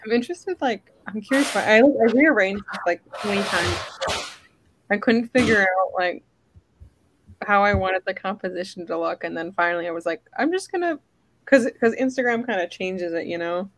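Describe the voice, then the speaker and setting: A woman co-hosting a casual chat, talking in a halting way full of "like" and "um". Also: mid-range voice, noisy background. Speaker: co-host, photographer.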